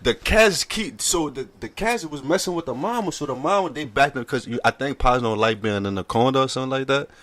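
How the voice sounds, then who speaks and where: A man's voice: mid-range voice, fairly quick, few pauses. A man telling funny stories in casual chat with friends, acting out the voices of people in them. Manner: animated, acts out voices in his stories. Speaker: guest. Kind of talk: casual storytelling among friends.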